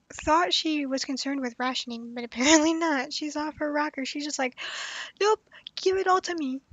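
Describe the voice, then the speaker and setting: High-voiced woman streaming a game. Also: no echo. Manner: animated, blunt, swears and laughs often. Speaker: streamer playing a story game. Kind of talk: casual livestream commentary. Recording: dull, dry lo-fi sound.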